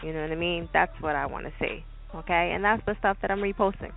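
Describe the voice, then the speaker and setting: A gravelly-voiced woman moves at a quick pace as she hosts a call-in radio show, casual, blunt, profane, and chatty. She performs voices in high, squeaky tones over tinny phone-line audio with music behind.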